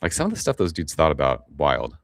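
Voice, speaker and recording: A man's voice: a bass voice, huge pitch swings, a little fast, gravelly, dry recording. A middle-aged man hosting a casual live stream, rambling in a laid-back way and swearing now and then as he reads the chat. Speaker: livestream host.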